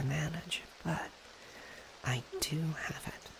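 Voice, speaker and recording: A VTuber streamer talking in a whispered ASMR style in a relaxed, chatty way, answering chat close to the mic. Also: mid-range voice, a little slow, a little hiss or hum, poor audio. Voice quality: soft whisper with gravelly fry.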